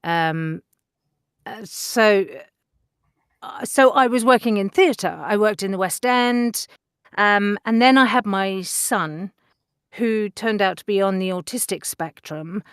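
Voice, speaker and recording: A woman, a voice actor chatting in an interview, filling pauses with ums and laughing easily. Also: medium pitch, a bit bright, clear, resonant tone, no room sound, studio quality. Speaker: voice actor guest. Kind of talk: interview conversation.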